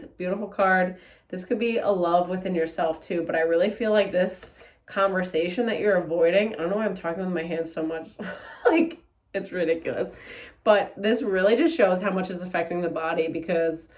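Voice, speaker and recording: A woman giving a casual tarot forecast, speaking in a blunt, animated way and swearing freely. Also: lowish voice. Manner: blunt, profane, animated and candid. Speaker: tarot reader.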